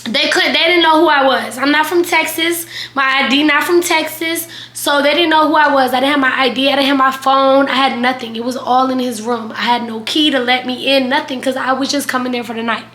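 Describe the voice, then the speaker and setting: Young woman vlogging a crazy storytime, bright sharp voice, roomy echo. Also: sits high, fairly quick, few pauses. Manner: animated, dramatic storytelling with quoted voices. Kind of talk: storytime vlog.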